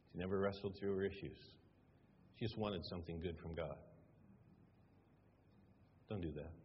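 Low-voiced pastor guy preaching, chatty storytelling, dull sound with a long hall echo. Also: a little hiss or hum. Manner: conversational, retelling dialogue with varied emphasis. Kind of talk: sermon with storytelling.

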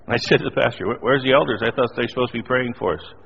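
A middle-aged man preaching a sermon, telling a personal story with animated, self-deprecating humor. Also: mid-range voice, very fast, creaky, slightly rough. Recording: dull lo-fi audio in a reverberant hall.

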